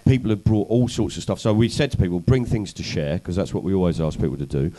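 A man being interviewed, telling long wry anecdotes about his comedy and activism in a relaxed, self-deprecating way. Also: deep voice, fast talker, poor audio. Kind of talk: conversational storytelling interview.

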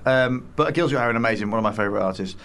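A man's voice: medium pitch, racing, a bit bright, a little hiss or hum. A man chatting as a radio guest, rambling and enthusiastic, with lots of hesitations and restarts. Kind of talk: casual radio chat. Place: radio studio.

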